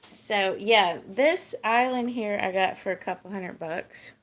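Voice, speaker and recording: A woman with a medium-pitched voice and a Texan accent talks unhurriedly on a livestream from her small home. She keeps it laid-back and chatty, laughing often and saying hello to viewers.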